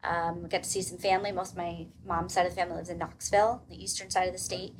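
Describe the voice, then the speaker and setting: A woman in her thirties talks as a guest on a podcast, with a slightly low voice. She rambles in a loose, chatty way, full of fillers. Faint noise sits behind her. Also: level tone, quick pace, rough recording. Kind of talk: casual podcast chat.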